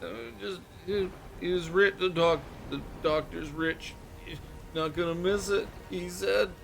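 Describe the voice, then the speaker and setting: A man's voice: fairly even intonation, unhurried, gravelly, fairly bright tone, slight background noise, exaggerated voice. A man voicing a huge young man who sobs and babbles in a panic while pleading for help. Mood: sobbing confession. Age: young adult. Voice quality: high, strained, sobbing. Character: hulking panicked young farmhand, sobbing and babbling. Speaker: game master. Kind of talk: tabletop role-play voice.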